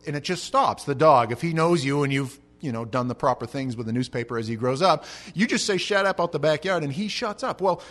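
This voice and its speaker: A man preaching an expository sermon, telling the story with animated energy and shouting out the quoted lines. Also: mid-range voice. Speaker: pastor.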